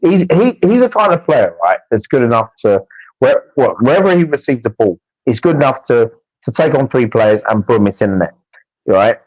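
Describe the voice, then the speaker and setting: Animated man on a dull dry mic. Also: medium pitch, normal speed, dry recording. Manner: animated, frequent restarts and stumbles. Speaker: football podcast co-host. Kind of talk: casual fan match preview chat.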